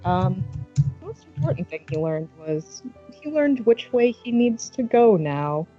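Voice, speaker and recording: A woman's voice: mid-range voice, animated, measured pace, warm tone, lo-fi sound, faint music behind. A woman chatting casually with fellow players after a tabletop game, teasing and swearing. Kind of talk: casual post-game chat.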